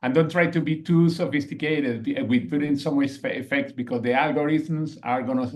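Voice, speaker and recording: A man chimes in on a team video call at a middling pitch. He speaks earnestly and haltingly, and his phrasing sounds slightly non-native. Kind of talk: casual group video call.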